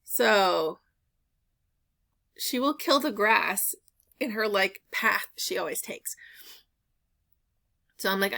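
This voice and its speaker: A woman with a gravelly edge to her voice chats casually at home as a reseller vlogger. She rambles through her stories, leaning on fillers. Her pitch sits in a middle range. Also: animated, slow pace, pauses often, sharp tone. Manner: rambling storytelling with many fillers. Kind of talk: casual chat.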